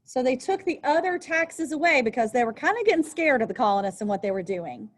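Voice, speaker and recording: A woman's voice: sits high, big pitch swings, a little fast. A woman teacher giving a recorded lesson, reading aloud from a text and then explaining it in a chatty way, with casual asides. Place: at a desk with a workbook.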